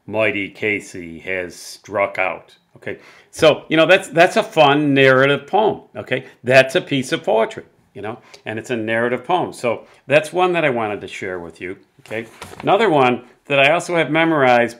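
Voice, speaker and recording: Middle-aged man reciting poetry theatrically. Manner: theatrical, big swings in loudness and pitch, chatty asides. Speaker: poetry presenter.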